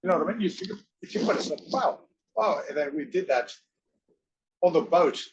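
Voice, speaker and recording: A man as an interview guest, telling stories in an animated way, often laughing and acting out voices. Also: a little high, a little fast, highs cut off, noisy background. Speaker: interview guest, wrestler and actor. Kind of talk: casual storytelling.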